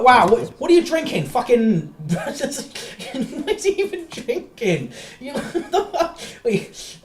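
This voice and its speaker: A woman's voice: fairly high pitch, roomy sound, noisy background. Exasperated woman ranting, swearing. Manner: profane, exasperated, animated ranting. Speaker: streamer. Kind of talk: ranting reaction commentary.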